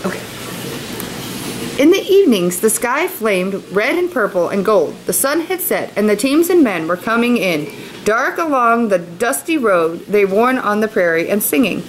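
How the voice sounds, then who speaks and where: Woman teacher reading a book aloud at home, chatty asides, middle pitch, bit of hiss. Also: sing-song, moderate pace, low-quality recording. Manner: chatty asides explaining words. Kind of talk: reading a novel aloud to students. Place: at home, kitchen nearby.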